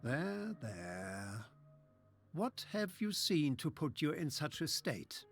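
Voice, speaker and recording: A scheming male doctor who talks down to everyone in a silky, patronizing way with a faint German accent. His voice sits fairly high for a man and rises and falls in lively swoops. There is faint music underneath. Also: slow pace, dry recording, full character voice. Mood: condescending. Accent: slight German. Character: smug scheming male mad-scientist doctor. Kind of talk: video game voice acting.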